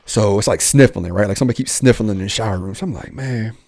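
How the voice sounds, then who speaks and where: A young man, a police officer, telling his life story in a casual podcast chat, goofy and animated, acting out the lines he quotes. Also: on the low side, quick pace, creaky, no echo, clean studio sound.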